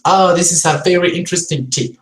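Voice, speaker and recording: A man with a high voice and fairly even intonation moves briskly through a live English pronunciation lesson. Spanish is his first language; he repeats sounds and words for demonstration and keeps checking on viewers, all in a roomy, echoey room.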